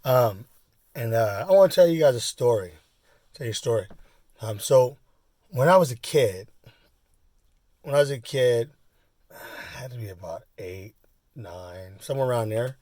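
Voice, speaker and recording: A man's voice: medium pitch, unhurried, pauses often, no echo, studio quality. Man in his forties telling a rambling story. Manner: rambling, full of fillers and asides; animated when acting out the story. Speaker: vlogger. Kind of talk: casual storytelling.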